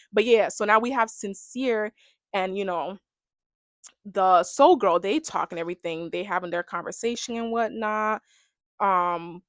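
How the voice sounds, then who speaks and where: A woman's voice: lowish voice, dry recording, clean studio sound. A young woman giving a casual, rambling recap of a reality show, filling her talk with "like" and "you know.". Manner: chatty, rambling, heavy use of "like". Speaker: reality TV reaction vlogger.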